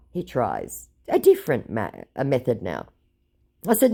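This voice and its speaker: A woman's voice: low-pitched, big pitch swings, normal speed, dark tone. A woman retelling a chat with a scammer, sarcastic, mocking and blunt. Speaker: scambaiter narrating a chat. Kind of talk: comedic storytelling.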